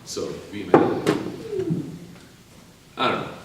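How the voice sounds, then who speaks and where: A male priest preaching a sermon, lively and joking as he urges the listeners on. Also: low-pitched, slow pace, heavy background noise. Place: large church. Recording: echoey church from far off.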